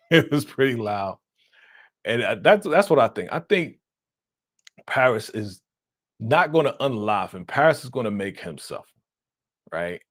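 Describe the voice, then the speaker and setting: A man hosting a casual live-stream reaction, animated and laughing, acting out quotes in a raised voice. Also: medium pitch, unhurried, long pauses, dry recording, clean studio sound.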